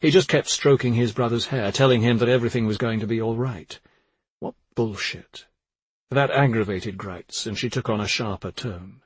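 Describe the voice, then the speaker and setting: A man narrating a thriller in a measured, subdued reading. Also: mid-range voice, slightly rough, dry recording. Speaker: audiobook narrator.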